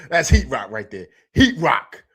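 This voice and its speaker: A man's voice: a little high, big pitch swings, measured pace, fairly bright tone, husky. A man hosting a live stream, chatting casually in slang, repeating himself and answering viewers from the chat. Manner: loose slangy talk, repeats himself, reads chat aloud.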